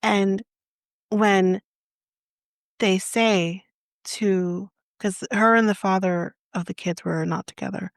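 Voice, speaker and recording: A woman's voice: mid-range voice, fairly even intonation, slow, pauses often, no echo, clean studio sound. A Canadian woman co-hosting a podcast, retelling a story in casual chat in an indignant, impassioned and blunt way. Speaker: podcast co-host.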